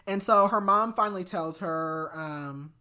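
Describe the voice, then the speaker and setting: Female podcast host, lower voice, casual rambling book recap. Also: a little slow, sharp tone. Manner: chatty, many fillers and restarts.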